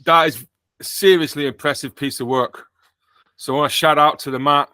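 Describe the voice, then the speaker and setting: British male podcast host, bright sound, dry close mic, jokey and rambling. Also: on the high side, fairly even intonation, fairly quick, clear, resonant tone, no room sound. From Britain. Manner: joking, rambling with self-corrections. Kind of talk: casual chat.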